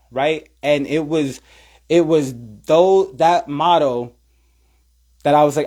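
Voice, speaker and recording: A man in his thirties, a cheer coach, telling an energetic story and acting out his own thoughts in high voices. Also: unhurried. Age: 30s. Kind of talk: animated storytelling.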